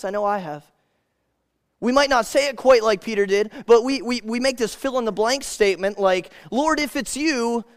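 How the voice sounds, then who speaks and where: A man preaches a sermon in a casual, conversational way, calling his listeners "man" and "guys" and reading scripture aloud slowly. His voice is high-pitched, clear and resonant.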